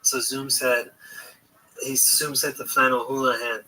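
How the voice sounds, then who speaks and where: A man's voice: mid-range voice, flat delivery, measured pace, pushed and bright, distant mic, a little hiss or hum, poor audio. A man hosting a livestream, telling a story in a rambling, hesitant way with many restarts. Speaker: livestream host. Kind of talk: casual storytelling chat.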